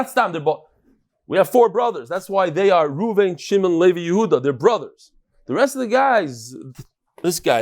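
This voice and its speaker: A man with a fairly high voice gives a daily Talmud class in a study hall full of students. He is animated and playful, teasing his listeners as he points things out on a chart. He keeps a quick, conversational teaching manner. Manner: animated, joking, explains with a chart and laser pointer.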